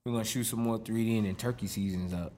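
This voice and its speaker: A man's voice: on the low side, steady tone, quick pace, darkish tone, slight background noise. Joking man. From North Carolina. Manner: joking, teasing, laughs often. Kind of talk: casual chat.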